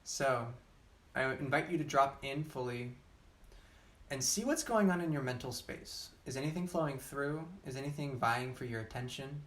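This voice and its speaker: A man leading a live laughter yoga session, coaching gently through breathing and laughter with an unhurried, encouraging manner. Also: medium pitch. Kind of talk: guided live-streamed session.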